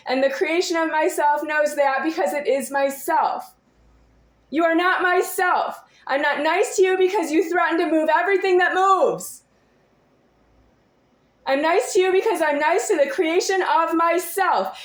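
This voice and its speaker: A woman's voice: extremely high pitch, steady tone, moderate pace. A woman in her forties talking to a camera at home in a rambling, agitated monologue. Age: 40s. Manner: rambling, agitated, at times shouting. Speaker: vlogger. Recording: echoey room.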